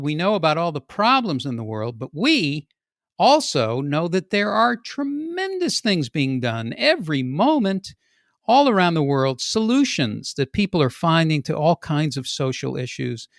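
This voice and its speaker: A man hosting a podcast, opening the show in an energetic, jokey way. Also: unhurried, no echo, studio quality. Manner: energetic and jokey, pitch jumps for emphasis. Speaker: podcast host. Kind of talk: upbeat podcast introduction.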